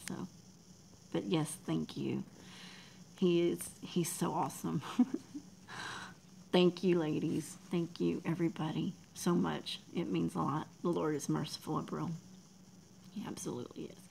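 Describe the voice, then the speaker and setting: A woman, chatting casually on a livestream, emotional and soft, often dropping to a near whisper as she thanks viewers in chat. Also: lowish voice, fairly even intonation, unhurried, vocal fry, pauses often, slight background noise, rough recording. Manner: emotional, talks softly, drops to near whispers. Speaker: livestream host.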